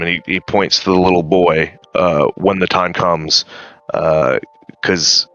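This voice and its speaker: Deep-voiced man rambling through a story. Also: steady tone, slow pace, fairly bright tone, highs cut off. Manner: rambling, hesitant, swears. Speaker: streamer. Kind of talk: casual storytelling.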